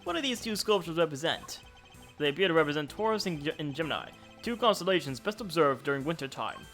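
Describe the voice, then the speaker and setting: A man voicing a serious, composed male prosecutor who speaks in a measured, reserved, dry way. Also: fairly high pitch, lively intonation, fairly bright tone, soft background music.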